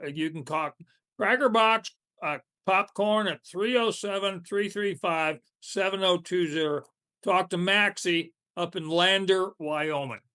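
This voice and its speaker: A man's voice: sits high, measured pace, bright, forceful tone, clean tone. A man co-hosting a podcast in casual chat, laughing often and talking with his mouth full. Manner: chatty, laughs often, eats while talking. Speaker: podcast co-host.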